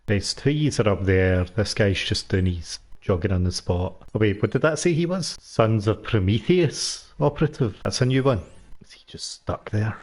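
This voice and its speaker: A man commentates casually on his gameplay, with a lowish voice. He makes wry, joking asides as he plays. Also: moderate pace, a little mellow. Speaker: gameplay streamer.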